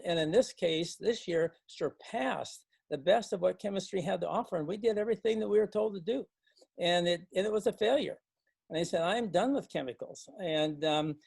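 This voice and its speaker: An older man from Montana tells a farming story to a club in a folksy, rambling way. His voice sits a little high and perks up when he quotes people. The sound is dry and close. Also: creaky, husky, no room sound. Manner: folksy, animated when quoting others, many fillers and restarts. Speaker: organic farmer and speaker.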